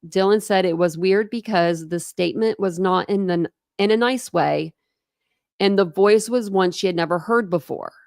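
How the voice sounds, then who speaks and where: Chatty woman with a gravelly voice. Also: medium pitch, normal speed, darkish tone, dry recording, clean studio sound. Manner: chatty, many "like" fillers, thinks aloud. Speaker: true crime channel host. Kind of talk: reading documents aloud with casual commentary.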